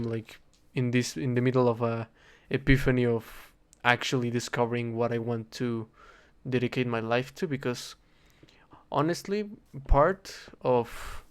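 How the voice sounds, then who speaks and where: A man's voice: mid-range voice, clean tone. Rambling young man, hesitant and self-correcting. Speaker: English teacher. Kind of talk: casual rambling talk while gaming.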